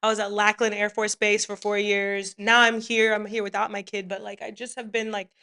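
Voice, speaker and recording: A woman who serves as a soldier and raises her child alone, appearing as a guest. Her voice sits at a middle pitch. She speaks in an earnest, reflective way and offers encouragement. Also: flat delivery, a little fast, pushed and bright. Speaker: guest, soldier and single mom. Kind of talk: candid casual chat.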